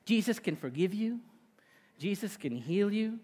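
A man with a high voice preaches a sermon in a church. He talks in a relaxed, conversational way and keeps checking in with his listeners. Long reverb hangs on his words, as in a large hall. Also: measured pace, breathy edge. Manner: conversational, with tag questions. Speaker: pastor.

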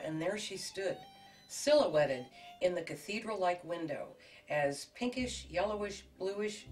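A woman hosting a cooking show, narrating a spoof romance and explaining a recipe with a deadpan, tongue-in-cheek manner. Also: fairly low pitch. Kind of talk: mock-dramatic romance narration and cooking demonstration. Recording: distant mic with music behind.

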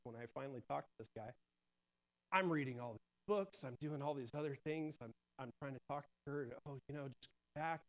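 A man sharing a personal testimony at a church service, earnest and halting, with many restarts and fillers. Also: mid-range voice, low-quality recording.

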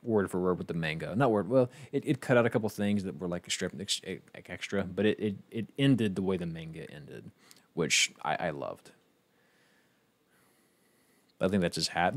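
A man with a very low voice talks through a game stream in a casual, cussing, excitable way, tripping over his words as he reacts. Faint game music plays underneath him. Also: fairly quick. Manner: profane, excitable reactions with frequent restarts. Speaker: streamer playing a video game. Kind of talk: casual let's-play commentary.

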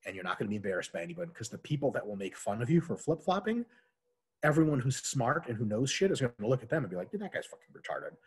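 An energetic man riffs as a podcast guest, cursing freely and joking around. His voice is a little husky, and his pitch swings widely as he talks. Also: quick pace. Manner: animated, profane, jokey. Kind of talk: casual podcast chat.

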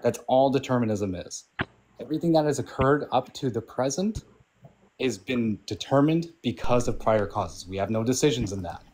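Man, mid-pitched, patient explainer, noisy clicky call line. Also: expressive, normal speed, a little mellow. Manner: patient explaining, keeps asking "right?". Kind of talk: casual debate chat.

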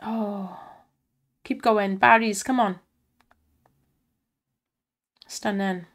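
An excitable woman commenting on slot spins and cheering the reels on, her voice strained from shouting. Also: mid-range voice, drawn-out words. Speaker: slot streamer.

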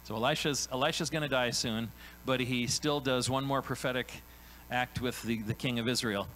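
A man preaching in a loose, chatty way, tossing in "right?" after his points and slipping into quick voices for the people he describes. His pitch sits right in the middle for a man. A faint hum runs under the recording. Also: steady tone, fairly bright tone, rough recording. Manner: conversational preaching, frequent "right?" tag questions; acts out biblical characters in quick voiced asides. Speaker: pastor. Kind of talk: sermon.

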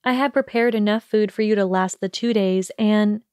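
A woman voicing an earnest, anxious young witch who speaks softly and hesitantly in an audiobook reading. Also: mid-range voice, steady tone, normal speed, smooth, no room sound, clean studio sound, lightly acted. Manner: soft, hesitant, careful.

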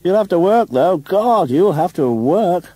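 A man voicing a loud, theatrical male amateur-drama director who shouts and draws out his words with relish. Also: mid-range voice, measured pace, no room sound, pitched above the performer's own voice, natural voice. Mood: effusive.

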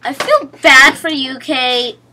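A woman's voice: high-pitched, slow, bright, forceful tone. A young woman commentating her own gameplay, pleading with and scolding her teammates in exasperation. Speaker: gaming video creator.

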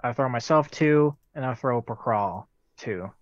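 A man at a tabletop game talks brashly, joking and cursing. His mid-pitched voice comes through a dull, lo-fi mic with a dry, close sound. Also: a little slow, no echo. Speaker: player. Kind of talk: casual tabletop game chat.

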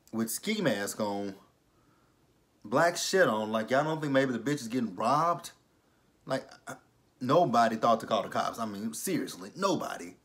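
A man recapping and reviewing a TV drama episode in a casual, blunt, sarcastic way, swearing freely and slipping into mock quotes. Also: mid-range voice. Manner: lively, slips into mock quotes.

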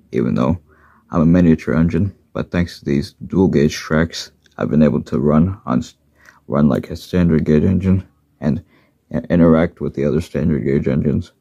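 A man voicing a gentle, earnest little blue miniature engine who talks softly about his troubles. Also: rumbling low, creaky, no room sound, exaggerated voice. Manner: soft-spoken, troubled, earnest. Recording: dull lo-fi recording.

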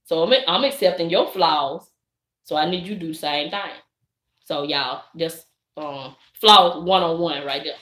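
A middle-aged woman with a Southern accent, chatting live and preaching to her viewers in a lively, direct way. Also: deep voice, a little slow, roomy sound. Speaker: vlogger. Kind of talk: casual live-stream chat.

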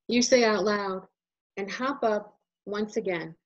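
A woman illustrator reading a children's picture book aloud, as a gentle and expressive storyteller. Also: medium pitch, slow pace, highs cut off.

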